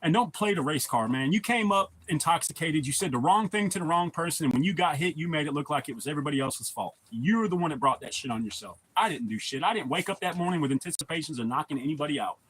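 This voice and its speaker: A man's voice: on the high side, lively intonation, fast talker, hardly any pauses, a bit bright, husky, poor audio. A man live-streaming, telling blunt, profane stories in a casual chat to his viewers.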